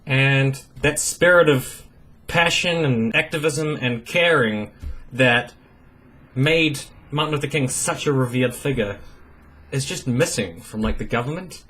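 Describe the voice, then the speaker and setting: A man's voice: mid-range voice, a little slow, a bit bright. A man giving a heated, profane political rant, mocking politicians in sarcastic impressions. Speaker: political commentator.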